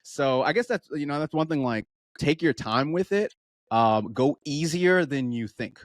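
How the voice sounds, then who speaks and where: A man in his thirties who coaches runners chats casually on a podcast, telling stories with animation and acting out what his runners say. His voice is fairly high and a little slow, recorded at studio quality with no room sound.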